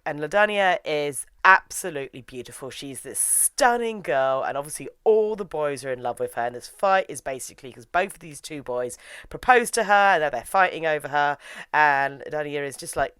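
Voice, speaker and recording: A woman's voice: deep voice, lively intonation, normal speed, fairly bright tone, clear, resonant tone, no room sound. A woman, casually retelling an anime episode in a chatty review, with lots of "like" as filler.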